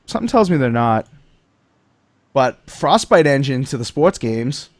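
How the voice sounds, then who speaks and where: A man's voice: medium pitch, big pitch swings, measured pace, no room sound. A man hosting a casual gaming podcast, rambling with many fillers and reading out chat comments. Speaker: podcast host.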